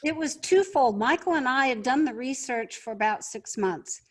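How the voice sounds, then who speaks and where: High-voiced woman chiming in. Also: expressive, normal speed, fairly bright tone. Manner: chimes in with short prompts and affirmations. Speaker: guest, wine brand cofounder. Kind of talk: conversational interview.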